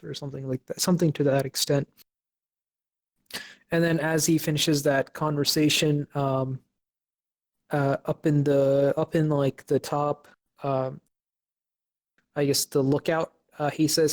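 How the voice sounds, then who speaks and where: A man's voice: a little high, level tone, a little slow, a little mellow. A young man co-hosting a podcast, recapping an episode casually with lots of fillers and restarts. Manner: hesitant, many fillers and restarts. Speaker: podcast co-host.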